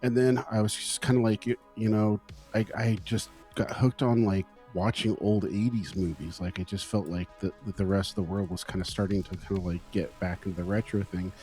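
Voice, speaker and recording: A man's voice: on the low side, level tone, brisk, dark tone, soft background music. A man from California, a guest musician in a casual interview, who tells laid-back stories, swears freely and acts out his own past thoughts.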